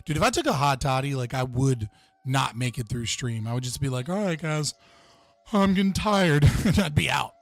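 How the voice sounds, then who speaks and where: A man's voice: medium pitch, animated, moderate pace, vocal fry, dry recording. A young man hosting a livestream, chatting casually and profanely with his viewers. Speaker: livestream host.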